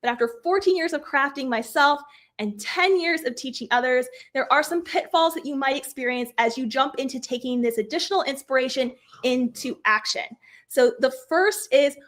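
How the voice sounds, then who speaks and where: Upbeat chatty woman, slightly high. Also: moderate pace, fairly bright tone. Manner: chatty, upbeat, self-deprecating. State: slightly hoarse, losing her voice. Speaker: craft workshop host. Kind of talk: live craft tutorial.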